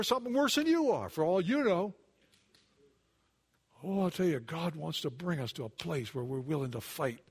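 A man preaching a sermon to a congregation, earnest, dropping to a hush and then rising. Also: on the high side. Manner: earnest, swings between hushed and raised. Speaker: pastor.

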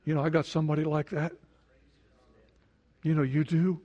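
A man's voice: fairly high pitch, level tone, normal speed, long pauses, warm tone. A man preaching a sermon, asking the congregation questions and repeating words for emphasis. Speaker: pastor. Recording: long hall reverb.

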